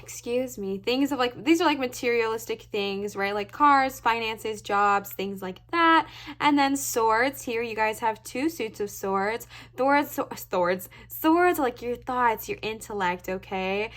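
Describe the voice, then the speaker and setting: A young woman with a slightly high voice gives a casual tarot reading straight to camera. She talks in a chatty, reassuring way, filling her sentences with "like" and checking in with her viewers as friends. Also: measured pace, a bit bright. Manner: chatty and reassuring, lots of "okay, bestie?" and "like". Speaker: tarot reader.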